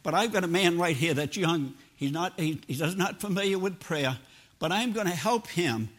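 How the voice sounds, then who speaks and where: A man's voice: sits high, lively intonation, moderate pace, a bit bright. An older man preaching a sermon in a homespun, plain-spoken way, mixing personal stories with scripture. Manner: homespun, plain-spoken, drops into everyday grammar.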